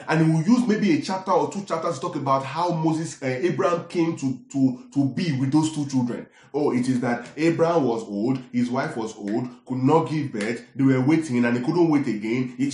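A man preaching a sermon, often asking his congregation questions in an animated way. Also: medium pitch. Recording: echoey hall.

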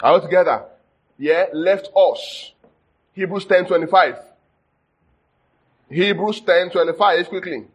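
A man's voice: sits high, unhurried, long pauses, slightly rough. A man preaching a sermon, teaching word by word and often asking the audience if they are following. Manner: checks in with the audience often, jokes and laughs. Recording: dull lo-fi sound.

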